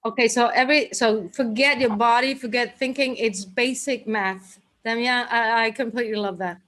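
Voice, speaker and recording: A woman's voice: fairly high pitch, fairly even intonation, brisk, a bit bright. A woman teaching a live group class, talking in a chatty, guiding way with frequent restarts. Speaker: workshop teacher.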